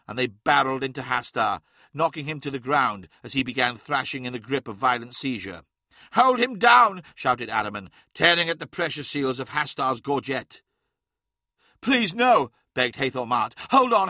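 Bright-voiced male audiobook narrator. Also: mid-range voice, no room sound, clean studio sound. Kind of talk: dramatic scripted narration.

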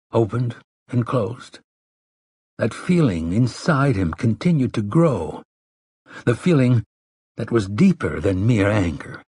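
Husky male audiobook narrator. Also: lowish voice, dry recording, studio quality. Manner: measured, even storytelling.

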